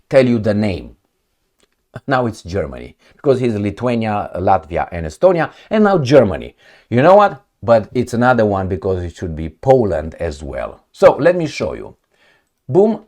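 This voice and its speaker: A man's voice: medium pitch, a little mellow. A man giving casual political commentary, mocking and chatty, talking to his viewers like friends. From Romania.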